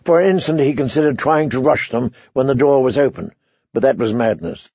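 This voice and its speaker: Gravelly-voiced man narrating an audiobook. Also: medium pitch, dry recording, highs cut off. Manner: measured, even storytelling. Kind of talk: scripted narration.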